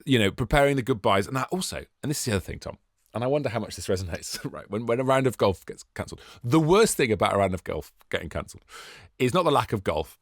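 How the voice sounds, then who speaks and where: Lively podcast co-host. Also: male voice, medium pitch, fast, dry recording, clean studio sound. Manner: animated, jokey, exaggerated storytelling. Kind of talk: casual chat.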